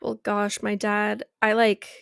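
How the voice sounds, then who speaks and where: A woman's voice: mid-range voice, completely flat delivery, slow, creaky, clear, resonant tone, no room sound, clean studio sound. A young woman co-hosting a casual podcast, telling stories in a chatty way with lots of fillers. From Arizona, US. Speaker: podcast co-host. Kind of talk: casual chat.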